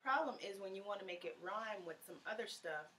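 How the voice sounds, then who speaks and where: Animated, very bright woman with faint hiss. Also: mid-range voice, a little fast. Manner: teasing, theatrical, swings loud. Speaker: guest songwriter and translator. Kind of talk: playful casual chat.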